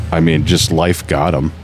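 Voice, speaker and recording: A man telling stories in a casual podcast chat, rambling and restarting often. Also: very deep voice.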